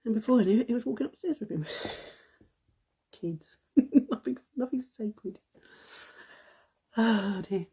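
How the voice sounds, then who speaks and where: A middle-aged woman chats to her live audience, breaking into giggles as she recounts a family moment. Her voice is soft and mellow, with a slightly husky, breathy edge. She talks in an easygoing, rambling way. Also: fairly high pitch, lively intonation, measured pace, long pauses. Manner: giggly anecdote telling, laughing often. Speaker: live stream host. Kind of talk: casual chat on a live stream.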